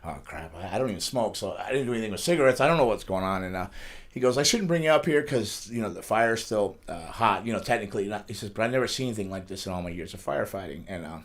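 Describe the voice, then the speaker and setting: Fast-talking middle-aged man telling stories. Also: lowish voice, expressive. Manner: fast, rambling storytelling with frequent restarts and laughs. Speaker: guest, pro wrestler. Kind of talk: casual storytelling interview. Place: studio.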